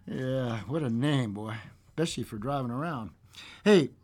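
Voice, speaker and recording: A man's voice: mid-range voice, unhurried. A man who sings and plays guitar, chatting casually and jokingly between songs and bantering with himself. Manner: playful, jokey banter with himself. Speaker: singer and guitarist. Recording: loud guitar music over the voice.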